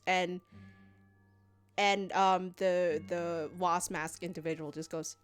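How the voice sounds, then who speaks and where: A woman streamer, game master, narrating a tabletop game on a live stream, halting with many fillers. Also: fairly low pitch, fairly even intonation, clear, resonant tone, soft background music.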